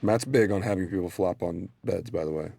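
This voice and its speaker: A man's voice: low voice, fairly quick, creaky, mellow, a little hiss or hum. A man giving a casual, joking audio commentary on a TV episode, rambling with fillers.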